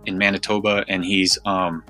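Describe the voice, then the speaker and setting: A man's voice: low voice, flat delivery, moderate pace, pushed and bright, soft background music. An American man co-hosting a podcast, telling a story in a rambling, casual way with fillers and restarts. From United States. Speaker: podcast co-host.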